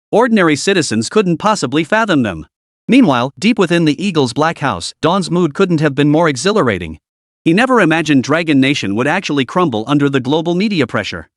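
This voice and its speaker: A man narrating a story recap in an even, steady reading style. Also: a little high, dry recording, clean studio sound.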